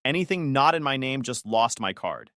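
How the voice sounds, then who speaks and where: A man's voice: mid-range voice, expressive, normal speed, a bit bright, no echo, clean studio sound. A man narrating a first-person family drama story in a bitter, matter-of-fact way.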